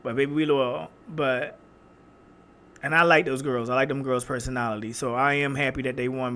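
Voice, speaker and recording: A man's voice: mid-range voice, sharp tone. A man from Philadelphia with a Philly accent, reviewing a TV finale in casual, emphatic chat and talking straight to his viewers. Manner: chatty and emphatic, addressing viewers as y'all. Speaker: reaction vlogger.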